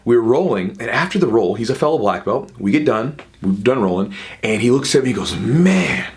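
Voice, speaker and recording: Fast-talking man giving casual coaching advice. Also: medium pitch, animated. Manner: fast, chatty, frequent "right?" asides. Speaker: jiu-jitsu coach and channel host. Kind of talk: casual advice talk to camera.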